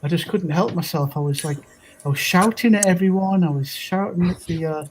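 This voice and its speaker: A man's voice: high-pitched, fairly quick, darkish tone, low-quality recording. A man hosts a casual chat, wandering through long anecdotes with plenty of restarts. Faint noise sits under his voice. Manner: rambling anecdotes with many restarts. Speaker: host.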